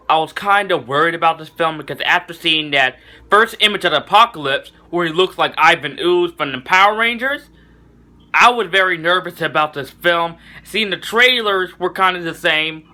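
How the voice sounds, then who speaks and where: A man's voice: on the high side, sharp tone. A young man giving a casual, enthusiastic movie review, rambling and often correcting himself.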